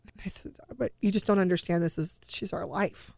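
A woman's voice: lowish voice, fairly quick, creaky, darkish tone, breathy edge, no room sound. A middle-aged woman recounting a personal story as an interview guest. She speaks earnestly and emotionally, and acts out the dialogue she quotes.

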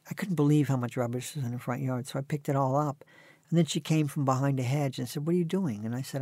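A man's voice: medium pitch, darkish tone, no room sound. A man in his sixties telling stories as an interview guest in a dry, wry way. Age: 60s. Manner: dry, wry anecdotal delivery. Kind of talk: conversational storytelling.

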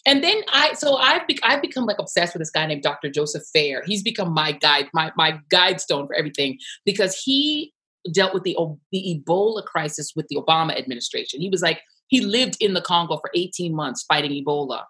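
An animated woman talks shop as a news journalist in a relaxed interview, her voice bright and clear. Her pitch swings widely as she gets emphatic, and she breaks into laughter often. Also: fairly quick. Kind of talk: casual conversational interview.

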